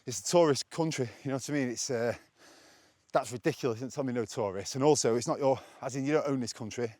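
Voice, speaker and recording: A man's voice: mid-range voice, quick pace, a little mellow, dry recording. English man, out of breath, walking vlog, rambling and opinionated, outdoors, handheld camera, dry close sound. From England. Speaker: vlogger. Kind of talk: casual walking vlog monologue. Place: outdoors on hills. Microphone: handheld camera on a stick.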